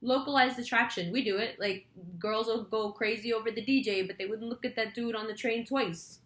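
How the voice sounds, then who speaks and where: A woman's voice: on the high side, fairly even intonation, brisk, echoey room. A woman astrology reader telling a rambling story in a casual monologue, chatty and swearing freely.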